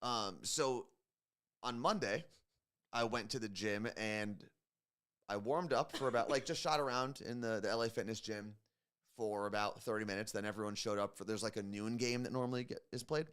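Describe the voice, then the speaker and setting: A man's voice: fairly low pitch, normal speed, clean tone. A man co-hosting a morning radio show, chatting casually and rambling with lots of fillers. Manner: relaxed, rambling, many fillers.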